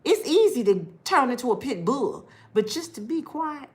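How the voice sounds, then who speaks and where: A middle-aged woman vlogger giving heartfelt life advice in an animated, preachy big-sister way. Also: high-pitched, moderate pace.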